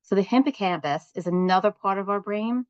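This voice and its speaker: A woman leading a parent support group, explaining steps calmly and asking the group questions. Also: mid-range voice, fairly quick, dry recording, muffled recording. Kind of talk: instructional talk to a group.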